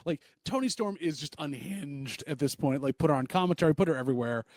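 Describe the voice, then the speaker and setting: Excitable male co-host, dry close sound. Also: a little high, fast, no echo. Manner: enthusiastic, excitable fan commentary. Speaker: podcast co-host. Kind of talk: casual chat, wrestling review.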